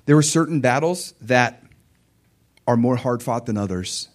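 Animated male preacher. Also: medium pitch, measured pace. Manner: animated storytelling, swings from soft muttering to loud cries. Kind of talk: sermon.

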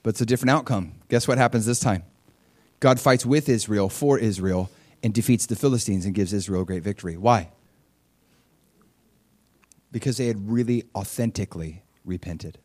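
A pastor with a lowish voice preaches at a moderate pace, pausing often. His sermon is conversational as he reads scripture and animatedly acts out the voices of the people he describes.

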